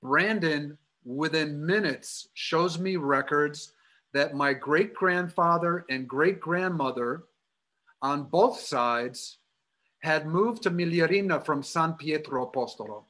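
A man's voice: a little high, takes it slowly, bright, forceful tone. A man with a Chicago accent giving a storytelling library talk as a guest speaker, full of anecdotes. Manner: anecdotal, acts out quoted voices.

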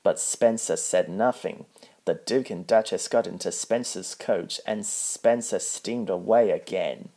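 A man's voice: on the low side, a little slow, warm tone. A man reading a children's picture book aloud, plainly, with small slips. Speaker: storybook reader.

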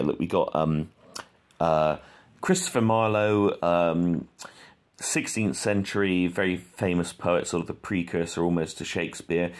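Man, very low voice, creaky, rambling poetry teacher, lots of ums. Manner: rambling, many fillers, reads verse aloud slowly. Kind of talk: informal spoken lesson.

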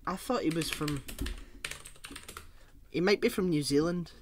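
A man's voice: a little high, a little slow, a little hiss or hum. A man co-hosting a podcast in casual chat, giggling a lot, swearing offhandedly and restarting his sentences. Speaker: podcast co-host.

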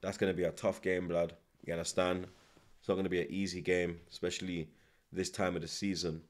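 A man's voice: low-pitched, little pitch movement, fairly quick. A young man, chatting animatedly as he live-streams a football watchalong, full of slang and repeated tag words. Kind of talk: live stream match commentary and chat.

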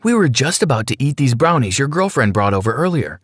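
A doting middle-aged mother from an animated story, sweet and fussing over her son. A man voices her, raising his pitch well above his own. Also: fairly quick, breathy edge, no room sound, clean studio sound.

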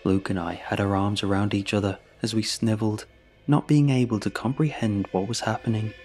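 A man narrating a horror story in a measured, steady way. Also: lowish voice. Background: faint music.

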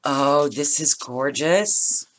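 Extremely slow and low-pitched, this middle-aged craft vlogger talks casually while unboxing craft mail at home. She gushes and laughs a lot throughout.

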